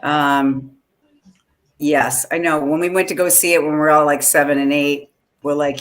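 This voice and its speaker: Brief: casual female podcast co-host, lower voice, rambly and laughing. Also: steady tone, moderate pace. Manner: chatty, laughs often, many fillers. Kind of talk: casual chat.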